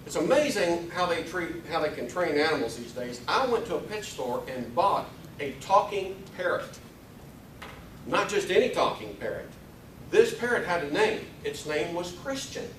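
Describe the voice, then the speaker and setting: A man's voice: a little high, sing-song, moderate pace, a little hiss or hum. A middle-aged man giving a humorous speech to an audience, telling a family story with timed punchlines. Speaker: speaker. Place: room with a live audience. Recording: echoey hall, mic at a distance.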